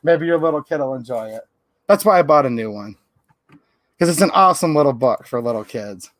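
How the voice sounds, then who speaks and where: A man's voice: a little high, expressive, brisk, fairly bright tone, no room sound. A man hosting a livestream, talking in a fired-up, emphatic way. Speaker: livestream host. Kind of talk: casual livestream talk.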